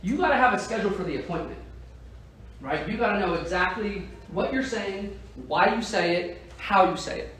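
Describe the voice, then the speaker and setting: Emphatic high-voiced male sales trainer. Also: lively intonation, normal speed, fairly bright tone. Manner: emphatic, keeps asking "right?" to the audience. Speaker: sales trainer for insurance agents. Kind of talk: motivational training talk. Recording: echoey room, heard from a distance.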